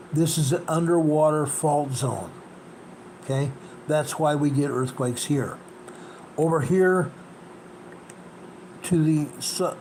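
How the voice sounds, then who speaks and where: A man's voice: on the high side, darkish tone, slight background noise, poor audio. A man hosting an earthquake report, narrating over a map in an emphatic way and repeating key points. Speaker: host.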